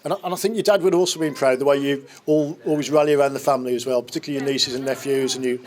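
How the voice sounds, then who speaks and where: A man's voice: mid-range voice, fairly even intonation, racing, a little mellow. A man in his fifties giving a wedding speech in place of the bride's father, telling fond, joking stories with small restarts. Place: wedding reception hall.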